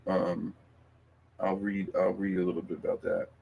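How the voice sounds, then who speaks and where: A man's voice: sits low, level tone, moderate pace, creaky, muffled recording, slight background noise. A man hosting a casual livestream, reading viewer comments and talking in a rambling, emphatic way with lots of fillers, restarts and swearing.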